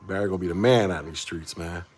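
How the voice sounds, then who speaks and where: Husky, low-voiced man in his forties. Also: fast, a little mellow. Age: 40s. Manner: rambling, repeats words, chuckles often. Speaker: livestream host reading chat. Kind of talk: casual livestream chat.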